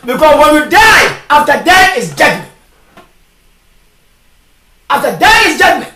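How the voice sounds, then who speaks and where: Preacher shouting a sermon of repeated questions, bright and piercing, recorded from far off in an echoey space. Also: high voice, sing-song, measured pace, long pauses.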